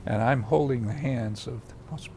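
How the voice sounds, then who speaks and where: An older man tells a personal story in an interview with a mid-range voice. He is animated and acts out other people's lines, then drops to a hushed voice for the tender parts. He is recorded on a close mic, with a faint hum in the room behind him. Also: mid-range voice, normal speed.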